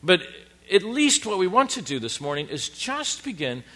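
A man's voice: high-pitched, normal speed. A middle-aged male pastor telling a funny story in a sermon, self-deprecating and playful, speaking to his congregation. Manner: animated, self-deprecating, acts out family scenes. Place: church congregation.

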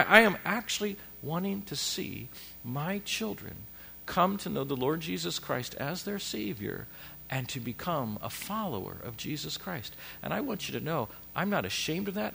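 Male pastor, middle-aged, bright forceful voice, emphatic sermon delivery. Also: a little high, very animated, normal speed, gravelly, a little hiss or hum. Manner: emphatic preaching with rising intensity.

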